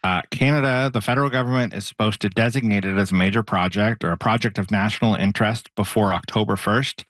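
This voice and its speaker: A man on a political panel, giving measured analysis with frequent "you know" fillers. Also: lowish voice, a bit bright, no echo.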